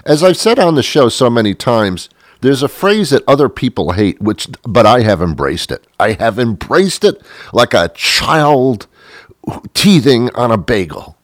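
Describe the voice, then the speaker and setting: A man's voice: medium pitch, sing-song, unhurried, no room sound, clean studio sound. A middle-aged man hosting a show, delivering a wry, rambling comic monologue with mock-biblical asides. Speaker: show host.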